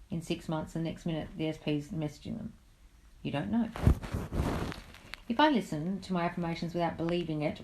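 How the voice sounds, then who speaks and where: A woman's voice: lowish voice, darkish tone, rough recording. Woman, live-stream manifesting coach, casual and chatty, affectionate "darling" habit. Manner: chatty, calls listeners darling, reads comments aloud. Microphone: phone on a live stream.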